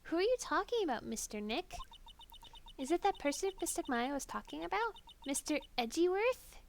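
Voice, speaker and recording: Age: child. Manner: earnest little girl. A woman voicing a very high-pitched sweet eight-year-old girl. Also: sing-song, normal speed, vocal fry, a little hiss or hum, exaggerated voice. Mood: puzzled. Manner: earnest, innocent, curious questions.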